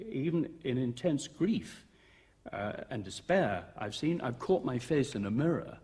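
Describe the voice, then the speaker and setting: Husky older man telling wry anecdotes. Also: mid-range voice, darkish tone. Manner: wry, theatrical storytelling with acted-out dialogue. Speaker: interviewee, veteran film actor. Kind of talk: reflective interview anecdotes.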